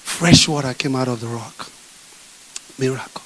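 A man preaching a sermon, telling a Bible story with lively acting. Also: mid-range voice, moderate pace, slight background noise. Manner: animated storytelling, acting out scenes. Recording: echoey hall.

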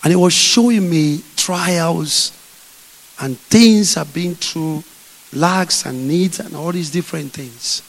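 A man preaching a sermon, telling a Bible story with lively acting. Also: fairly high pitch, slow pace, gravelly. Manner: animated storytelling, acting out scenes. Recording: echoey hall.

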